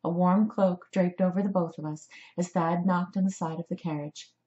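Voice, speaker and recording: A woman reads her own novel aloud in a measured, dramatic way. Her voice sits on the low side. The recording sounds somewhat dull. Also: steady tone, mellow, reverberant. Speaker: author reading her book. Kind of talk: audiobook narration.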